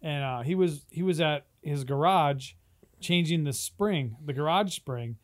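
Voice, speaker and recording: A man's voice: on the high side, a little slow. A man in casual chat who jokes, laughs easily and swears while telling his own story. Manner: laughs a lot, joking, profane.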